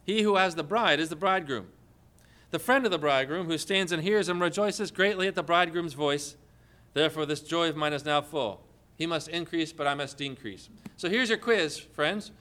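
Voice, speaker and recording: A male pastor preaching a sermon, lively and often asking the congregation questions. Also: fairly high pitch, normal speed.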